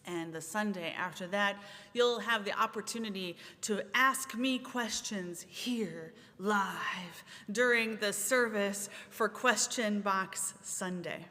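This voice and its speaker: A woman minister leading a service, speaking in a slow, measured, meditative way with long pauses. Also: pushed and bright. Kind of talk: sermon and guided centering. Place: large church sanctuary. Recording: reverberant sanctuary, faint rumble.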